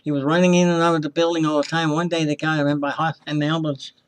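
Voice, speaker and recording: Impassioned high-voiced man giving testimony. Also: flat delivery, racing, clean tone. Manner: impassioned and accusing, repeats himself, acts out quoted voices. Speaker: former hospital patient giving testimony. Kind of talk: personal testimony, storytelling.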